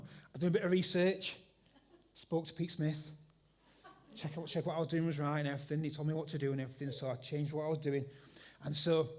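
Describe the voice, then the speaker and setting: Middle-aged preacher, high-voiced, animated storyteller who restarts a lot. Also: male voice, quick pace. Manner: animated, rambling anecdote with repeated restarts. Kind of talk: sermon story. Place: church hall with congregation.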